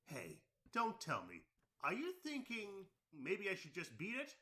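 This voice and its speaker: A man's voice: sits high, huge pitch swings, unhurried, sharp tone, exaggerated voice. An actor playing a cocky, streetwise talking male rat companion in a video game, with a teasing, easygoing manner.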